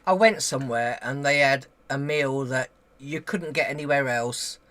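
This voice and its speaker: A man's voice: mid-range voice, moderate pace, bright, forceful tone, no echo. A man co-hosting a casual live stream, chiming in with short agreements and easygoing remarks. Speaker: co-host.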